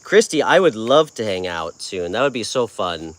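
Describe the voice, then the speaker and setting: A man's voice: on the low side, big pitch swings, normal speed. Chatty man hosting a live stream. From New York. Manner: friendly, chatty, reads and answers chat comments. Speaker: live tarot stream host. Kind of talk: casual livestream chat with viewers.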